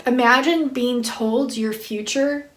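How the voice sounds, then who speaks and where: A woman giving a spiritual tarot reading, reading card text slowly and reverently, then talking in an excited, emphatic way with a lot of swearing. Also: fairly high pitch. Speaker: tarot reader. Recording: echoey room.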